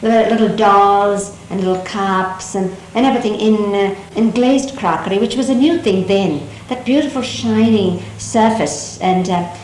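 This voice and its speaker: A middle-aged woman, a native Dari speaker, recalls memories in a gentle, reflective way, pausing and restarting often. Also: mid-range voice. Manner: gentle, unhurried, reflective, with many pauses and restarts. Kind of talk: reminiscing storytelling talk. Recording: roomy archival 1970s tape with faint hiss.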